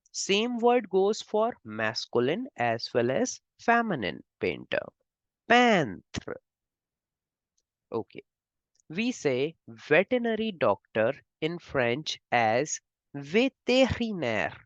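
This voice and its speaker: A woman's voice: sits low, dry recording, muffled recording. A woman teaching French job names in English, breaking words into syllables and repeating them. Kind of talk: slow pronunciation lesson.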